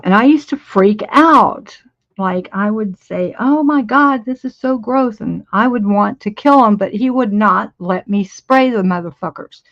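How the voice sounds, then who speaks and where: A woman's voice: medium pitch, dry recording, dull audio. A woman over fifty telling a story on a casual livestream from her home art studio, emphatic, often repeating words for stress and laughing.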